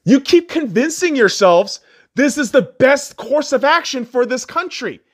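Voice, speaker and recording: A man on a podcast, launching into an angry, profanity-filled rant. His pitch leaps and plunges all over the place. He lurches from yelling to muttering and back, hurling insults at his listeners. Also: lively intonation, unhurried. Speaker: podcast host.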